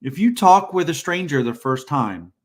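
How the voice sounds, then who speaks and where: A man's voice: on the high side, big pitch swings, normal speed. A man co-hosting a job-search livestream, talking casually and bluntly, saying plainly what he thinks people need to hear. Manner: blunt, direct, self-described band-aid ripper.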